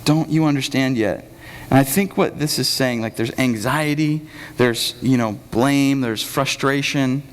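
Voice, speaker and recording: A young man preaching a sermon in a casual, joking way, slipping into lively voices for quotes. His voice sits at an ordinary pitch and carries a long reverb from a church hall. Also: a little slow. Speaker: pastor.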